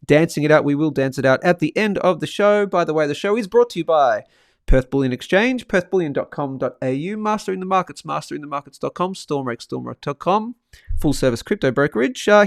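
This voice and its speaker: Upbeat man with a gravelly voice. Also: on the high side, expressive, dry recording, studio quality. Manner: upbeat, reads out chat messages with quick asides. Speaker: host of a live market stream. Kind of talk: casual live-stream chat.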